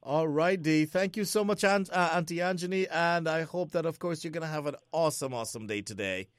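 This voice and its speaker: A man's voice: on the high side, brisk, no echo, studio quality. A man hosting a morning call-in radio show, exuberant, laughing often and teasing callers. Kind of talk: lively call-in radio chat.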